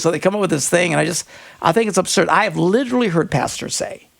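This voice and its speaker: An older man hosting a radio talk show, in casual studio chat, delivering exasperated, animated rants broken by laughter. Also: on the high side, quick pace, creaky.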